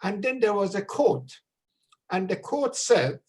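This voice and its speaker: Man w a gravelly husky voice, slightly high, lots of uhs, heartfelt memorial talk on a video call. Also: lively intonation, a little mellow, rough recording. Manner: hesitant, many drawn-out uh fillers. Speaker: memorial gathering speaker. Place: home room, virtual gathering. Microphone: video call microphone.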